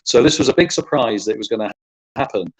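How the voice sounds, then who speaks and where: A man from the UK, a guest on a chat show, explaining things at length with halting restarts. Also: medium pitch, expressive, husky, low-quality recording. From United Kingdom. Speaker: guest co-host. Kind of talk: casual chat.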